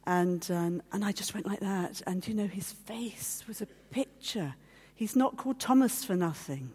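A woman's voice: medium pitch, normal speed, a little mellow, husky. A woman giving a heartfelt personal testimony as a guest speaker, telling her story and acting out the voices of others. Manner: heartfelt, at times teary. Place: meeting hall.

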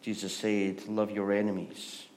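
A man's voice: fairly low pitch, measured pace, slight background noise. Scottish man preaching a sermon. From Scotland. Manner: storytelling, shifts from hushed to loud and animated. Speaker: pastor.

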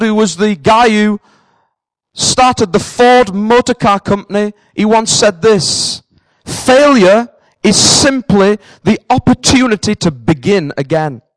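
A man's voice: high voice, takes it slowly, dry recording, low-quality recording. A man with a Northern English accent preaching a sermon to his congregation in an earnest, direct way, often repeating himself for emphasis. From northern England. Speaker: pastor. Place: church in Cambridge.

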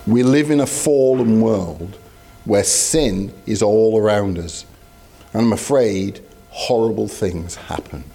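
A man's voice: on the low side, slow, dark tone, breathy edge, faint music behind. A man preaching a sermon in a conversational, storytelling way with asides to the congregation.

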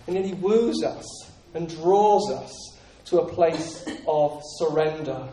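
A man's voice: fairly high pitch, slow, warm tone, a little hiss or hum. A man preaching a sermon in an earnest, repetitive way with frequent restarts. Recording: echoey room, voice from a distance.

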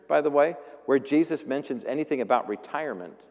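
A man's voice: on the high side, a little fast, few pauses, darkish tone. A male pastor giving a conversational sermon, joking and acting out the voices in the story. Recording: long reverb of a large room.

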